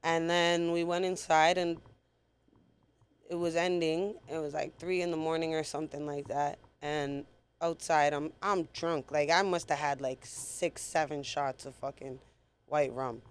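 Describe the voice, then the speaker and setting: A woman's voice: low-pitched, a little slow, clean tone. A woman guest recounting a personal story in a casual interview, talking bluntly with a lot of swearing. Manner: blunt, profane, animated retelling.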